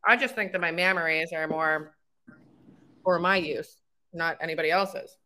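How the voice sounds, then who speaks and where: A woman's voice: sits low, fairly even intonation, normal speed, sharp tone. Young canadian woman, blunt and sweary, just chatting on a podcast. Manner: frank, profane storytelling. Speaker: podcast co-host. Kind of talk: casual chat.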